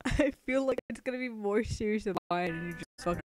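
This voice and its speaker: A woman's voice: medium pitch, moderate pace, a little mellow, dry recording, low-quality recording. A young woman on a casual livestream, joking and swearing between laughs, then reading a novel aloud. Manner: giggly, swearing, self-mocking banter. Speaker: streamer.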